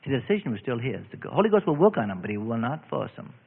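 A man's voice: mid-range voice, quick pace, creaky, slightly rough. A man preaching a radio sermon in an earnest, storytelling way, often repeating himself. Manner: earnest, animated storytelling with repetitions. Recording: tinny narrow-band radio broadcast with hall reverb.

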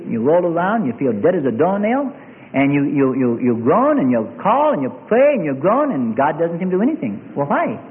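A man preaching a rousing sermon, swinging from loud high cries to low murmurs. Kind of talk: fiery sermon. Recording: tinny lo-fi phone-like sound.

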